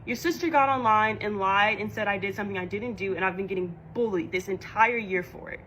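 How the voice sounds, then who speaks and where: A woman's voice: mid-range voice, fairly quick, slight background noise, rough recording. A woman casually retelling a confrontation, animatedly acting out the dialogue. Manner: animated, acts out quoted dialogue. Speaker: storyteller recounting a confrontation. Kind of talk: casual storytelling clip.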